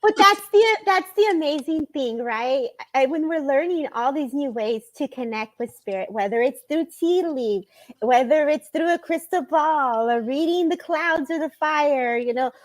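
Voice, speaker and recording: A woman's voice: high voice, lively intonation, moderate pace, no room sound. A woman hosting a live stream, talking bubbly and laughing often. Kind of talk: casual chat on a live stream. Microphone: video call.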